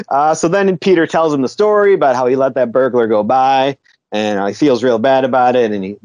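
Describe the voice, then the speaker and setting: A man's voice: mid-range voice, moderate pace, long pauses, a little mellow, no echo. A man co-hosting a podcast, retelling a comic book story in loose, casual chat, chuckling often and swearing now and then. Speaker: podcast co-host.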